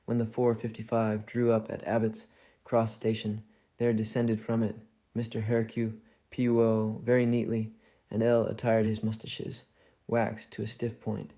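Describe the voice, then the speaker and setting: Low, flat, gravelly male narrator. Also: normal speed. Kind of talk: calm storybook narration.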